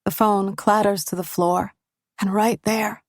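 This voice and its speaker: A woman's voice: mid-range voice, fairly even intonation, unhurried, no echo. A woman reading a first-person thriller audiobook with intimate, tense storytelling on a studio mic. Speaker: audiobook narrator.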